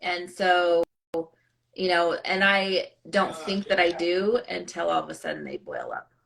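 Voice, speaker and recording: A woman co-hosting a casual live-stream chat, reflective and quick to laugh. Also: lowish voice, very animated. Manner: warm, reflective, laughs often. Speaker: co-host.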